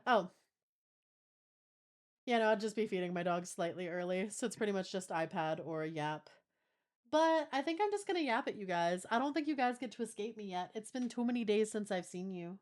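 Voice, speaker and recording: A woman's voice: medium pitch, animated, a little fast, darkish tone. A young woman livestreamer chatting casually and playfully with her audience, reading their messages aloud with giggly asides. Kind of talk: casual chat with a live stream audience.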